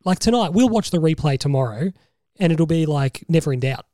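An Australian man with a slightly high voice, hosting a podcast over a call. He talks in a lively, casual way, laughing often and cursing. The sound is dry and close. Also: brisk, dry recording. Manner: animated, swearing, laughs a lot. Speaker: podcast host. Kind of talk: casual chat. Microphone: video call.

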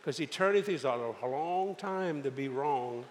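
An older man preaching a storytelling sermon, folksy and animated, acting out the voices of the people in his tales. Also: on the high side, moderate pace, slight background noise. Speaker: evangelist. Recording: echoey hall with faint ambience.

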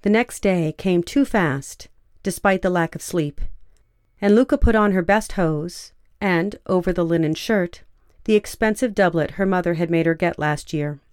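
A woman narrating a fiction story in a measured, even storytelling way. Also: lowish voice, smooth, no room sound, clean studio sound.

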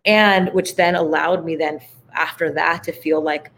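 Vocal-fry woman sharing reflectively. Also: low-pitched, fairly even intonation, normal speed, a bit bright, slight background noise. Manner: reflective, heartfelt, heavy use of "like". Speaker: podcast guest. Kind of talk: casual conversation.

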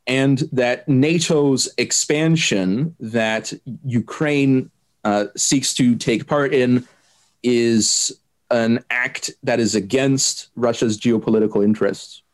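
A man answering interview questions, laying out his view in a careful, measured way and pausing often with hesitant fillers. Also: medium pitch. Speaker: interviewee explaining politics. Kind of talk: unscripted explanatory interview.

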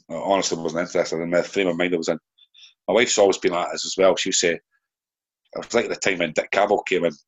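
A man's voice: sits low, lo-fi sound. A Scottish man, a former footballer, rambling through stories in casual podcast chat and swearing freely.

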